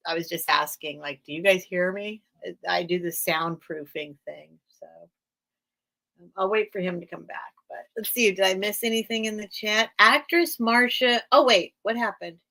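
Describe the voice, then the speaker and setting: American woman rambling on her live sale stream, bright voice, laughs a lot. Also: medium pitch, vocal fry. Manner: rambling, chatty, laughs often. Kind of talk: casual livestream chat.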